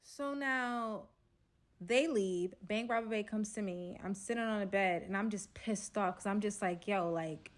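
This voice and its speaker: A woman's voice: medium pitch, unhurried. A young woman recounting a personal story, storytime style. She tells it animatedly and dramatically and acts out the quoted lines as she goes. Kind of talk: storytime vlog.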